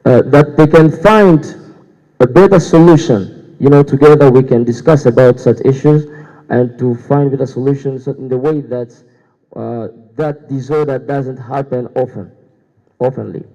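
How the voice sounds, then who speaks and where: Hesitant young man with a dark voice. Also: mid-range voice, moderate pace. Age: young adult. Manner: hesitant, many fillers and restarts. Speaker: student guild candidate. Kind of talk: debate answer. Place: university hall. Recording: dull echoey hall sound.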